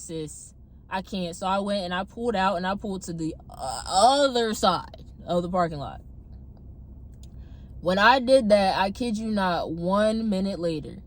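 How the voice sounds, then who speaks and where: A young woman telling a personal testimony in a casual, animated way, laughing often and acting out her own past outbursts, talking from her parked car. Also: mid-range voice. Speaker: testimony vlogger. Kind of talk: casual storytelling.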